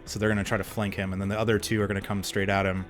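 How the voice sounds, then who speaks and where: A man's voice: fairly low pitch, little pitch movement, racing, faint music behind. Laid-back man running a tabletop game. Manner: laid-back, laughing often, with filler words. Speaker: game master.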